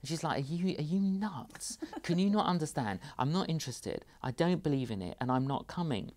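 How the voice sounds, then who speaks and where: A man's voice: a little high, brisk. A middle-aged man from London, an evangelist guest telling anecdotes in an interview and acting out both sides of the conversations. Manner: animated storyteller, acts out both sides of conversations.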